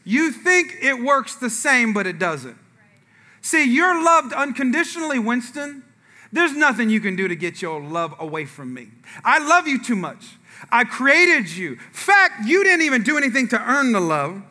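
Pastor guy in a church, really high bright voice, tells stories and plays all the parts, keeps asking the crowd stuff. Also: big pitch swings, normal speed. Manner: storytelling with acted-out dialogue and audience asides. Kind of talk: sermon.

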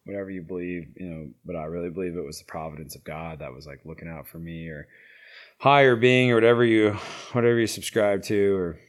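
A man's voice: sits low, fast talker. A middle-aged man telling stories in a casual interview, rambling with many fillers. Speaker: guest, founder of a veteran horse program.

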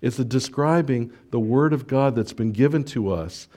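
A man preaching an expository sermon, reading scripture and slowing down to stress key phrases, rising to emphatic exhortation. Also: mid-range voice, mellow. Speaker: pastor.

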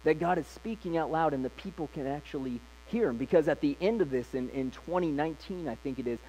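A man's voice: on the high side, animated, quick pace, hardly any pauses, dark tone, poor audio. A male pastor preaching a sermon, retelling scripture in a casual, conversational way.

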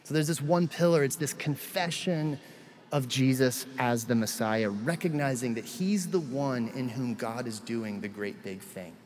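A man's voice: medium pitch, unhurried, darkish tone, big-room sound. A male pastor delivering a sermon, retelling scripture in a conversational way with casual asides.

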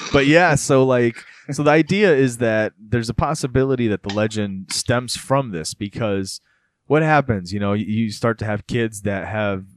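A man's voice: medium pitch, unhurried, dry recording. Guy hosting a podcast, rambly storyteller, dry close sound. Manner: rambling, animated storytelling with many fillers. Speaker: podcast host. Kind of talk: casual chat.

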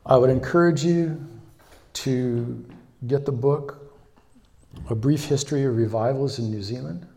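An American man from California preaching a sermon as a visiting speaker, telling stories in an encouraging, animated way and repeating key phrases. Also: medium pitch, measured pace, creaky, long pauses.

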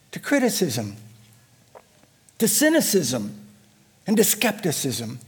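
A middle-aged male pastor preaching a sermon, emphatic, swinging from hushed lows to loud shouted declarations, with a husky voice. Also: animated, a little slow.

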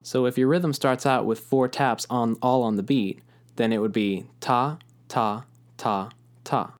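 A man with a mid-range voice teaches music with patient, clear explanations. He chants rhythm syllables while tapping a drum softly in time. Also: mid-range voice, normal speed.

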